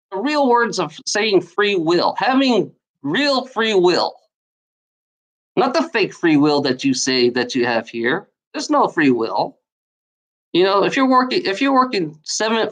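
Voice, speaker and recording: Woman going off on a rant, swearing a lot, repeats herself, talks right at someone. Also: medium pitch. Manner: profane, repetitive, heated, addresses someone directly. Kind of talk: angry ranting monologue.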